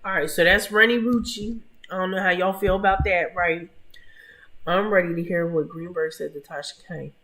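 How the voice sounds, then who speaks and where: A woman hosting a casual live-stream gossip commentary, chatting to viewers in the chat by name with drawn-out asides. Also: on the low side, fairly even intonation, a bit bright.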